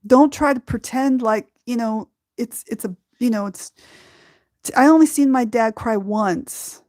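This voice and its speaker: A woman from Southern California hosting a podcast, telling a personal story slowly and from the heart, often breaking into laughter. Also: on the high side, darkish tone, no echo, studio quality. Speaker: podcast host.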